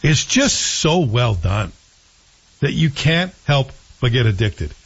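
Man, husky voice, casual opinionated TV chat, dull lo-fi sound. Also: mid-range voice, takes it slowly. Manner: chatty, opinionated, animated. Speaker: show co-host reviewing TV.

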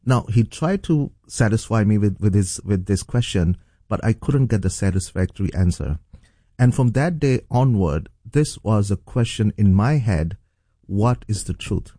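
A man's voice: on the low side, lively intonation, moderate pace, dark tone, no echo, studio quality. A middle-aged man from Pakistan, a pastor, earnestly telling his personal testimony as an interview guest. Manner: earnest, storytelling.

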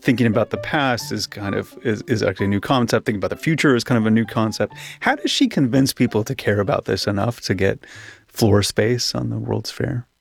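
Low gravelly man co-hosting over music. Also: a little fast. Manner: curious, questioning, builds long narrated lists. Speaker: podcast co-host. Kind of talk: casual chat with scripted narration.

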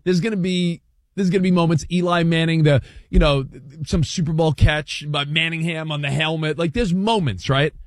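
A middle-aged man from New York hosting a sports radio show, chatty and animated as he tells stories. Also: a little high, normal speed, no room sound, clean studio sound. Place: radio studio.

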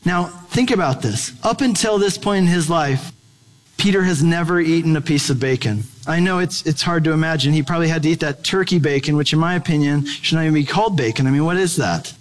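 A man's voice: fairly high pitch, fairly quick. A man preaching a sermon in a conversational, playful way. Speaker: pastor. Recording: long hall reverb.

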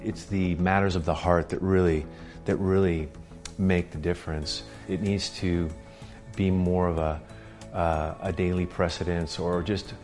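Husband co-host, deep voice, thoughtful and halting, faint music bed. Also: male voice, steady tone, a little mellow. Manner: reflective, stumbling over repeated words. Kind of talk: casual faith-based chat.

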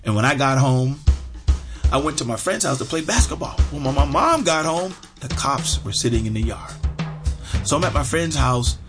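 A man's voice: mid-range voice, expressive, moderate pace, music in the background. A middle-aged man telling a heartfelt personal story, earnest, with lots of fillers and repeated words. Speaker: interview guest.

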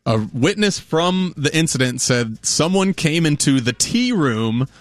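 A man's voice: on the high side, big pitch swings, unhurried, no echo. A man co-hosting a casual podcast chat, reading out news stories and joking about them. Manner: joking, drifts into mock accents. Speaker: podcast co-host.

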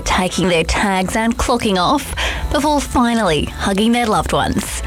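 A woman presenting a radio news feature in a measured, scripted narration. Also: mid-range voice.

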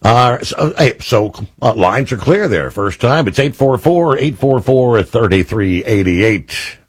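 A man's voice: medium pitch, lively intonation, breathy edge, no echo, studio quality. A man hosting an overnight call-in radio show, friendly and upbeat with callers. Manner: friendly, upbeat, quick to laugh. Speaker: radio host.

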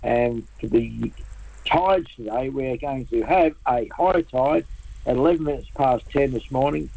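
A man with an Australian accent hosting a casual radio chat, jokey and quick to laugh. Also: medium pitch, gravelly, mellow, no room sound, poor audio. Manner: chatty and jokey, laughs often. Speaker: radio host.

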